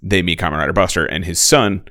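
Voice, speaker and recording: Man, deep low voice, dry recording, casual show recap, laughs a lot. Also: quick pace, no room sound. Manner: animated, laughs often, acts out lines. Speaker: podcast co-host.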